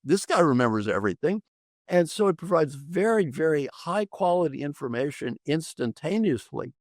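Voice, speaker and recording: A man's voice: a little high, big pitch swings, normal speed, darkish tone, no echo, studio quality. An older man, an executive coach on a podcast, talking emphatically and repeating phrases for effect. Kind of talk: animated conversational storytelling.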